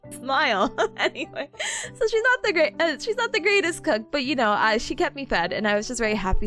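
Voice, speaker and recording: A woman's voice: sits high, a bit bright. A woman in her twenties streaming, chatting casually with viewers, giggling often and reading chat aloud.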